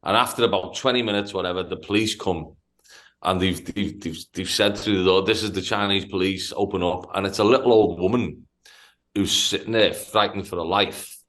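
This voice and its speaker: Man, Liverpool accent, low voice, swearing storyteller, lots of stammered restarts, casual podcast chat. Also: moderate pace. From Liverpool, England. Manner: profane, animated anecdote-telling with stammered restarts. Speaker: podcast host.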